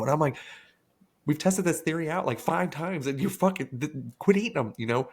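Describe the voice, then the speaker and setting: A man's voice: a little high, lively intonation, slight background noise. A married man co-hosting a podcast, joking and swearing in a casual chat. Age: adult, married. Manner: rapid, profane, joking, laughs often. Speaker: podcast co-host.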